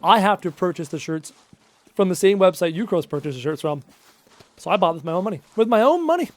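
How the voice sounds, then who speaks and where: A man's voice: high voice, no room sound. A man live streaming a game, chattily reading viewer questions aloud and answering them, humming little tunes to himself in between. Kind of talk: casual live stream Q&A while playing.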